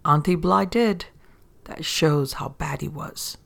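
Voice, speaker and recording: A man narrating an old sailor's yarn aloud in a steady storytelling manner. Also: a little high, takes it slowly, creaky.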